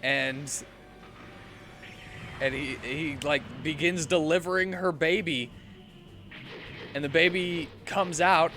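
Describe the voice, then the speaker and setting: A man streaming a game, chatting casually and retelling a film in a halting, rambling way. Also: a little high, a bit bright. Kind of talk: casual chat while gaming. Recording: faint game music behind.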